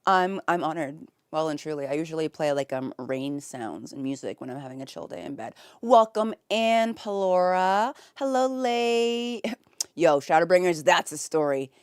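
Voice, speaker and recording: A woman's voice: low-pitched, normal speed, darkish tone, clean tone, dry recording, studio quality. A young American woman streaming from bed, chatting casually with viewers, reading chat aloud and laughing often. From United States. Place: home, in bed.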